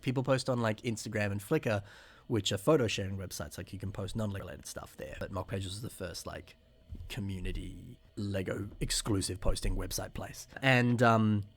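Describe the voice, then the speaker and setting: A young man in his twenties with a somewhat low voice, talking casually on a podcast. He rambles through long stories, acts out the things people said, and keeps clearing a rough morning throat. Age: 20s. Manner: rambling storyteller who acts out remembered quotes. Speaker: podcast co-host. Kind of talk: casual chat.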